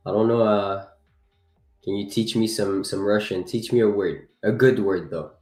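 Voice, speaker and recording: A man's voice: fairly low pitch, a little mellow, reverberant. A man whose first language is French, hosting a live trading stream and chatting playfully with viewers. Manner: chatty, playful, reacts to chat with laughs.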